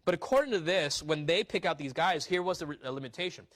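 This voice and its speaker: A male pastor preaches in a loose, conversational way, reading scripture aloud and asking his congregation rhetorical questions. His voice sits a little higher than most men's. He talks the text through like a teacher rather than thundering. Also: lively intonation, fast talker, few pauses. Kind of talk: sermon.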